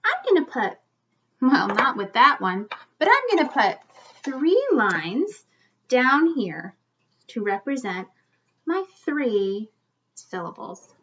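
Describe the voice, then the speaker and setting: A woman with a bright, fairly high voice leads a lesson for small children. Her pitch swings widely, and she speaks in an unhurried, deliberate way. The recording is slightly dull and lo-fi. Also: very animated, slight background noise. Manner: clear, slow demonstrating speech for young learners. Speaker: teacher.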